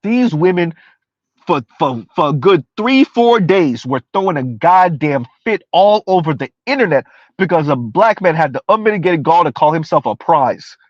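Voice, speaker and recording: A man's voice: fairly high pitch, lively intonation, moderate pace, no echo. A man under forty giving casual live-stream commentary, emphatic and repetitive, ranting and laughing often. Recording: dry, slightly dull lo-fi sound.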